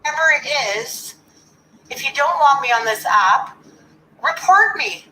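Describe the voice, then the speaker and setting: A defiant, confrontational woman snaps back at her chat in a high, bright voice that swings widely up and down. She sounds like a clip from an echoey room with faint noise behind her. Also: very animated, unhurried. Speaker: online psychic streamer.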